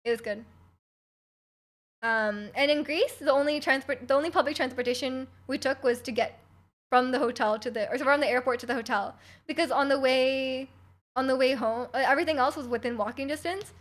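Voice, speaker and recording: Young woman streamer from Canada, high voice, casual rambling chat full of fillers and giggles. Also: a little fast. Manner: rambling, many likes and ums, giggly.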